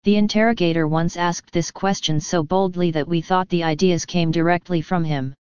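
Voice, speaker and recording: A woman reading a scripted story in an even, measured way. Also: fairly low pitch, clean tone, no room sound, highs cut off. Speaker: narrator.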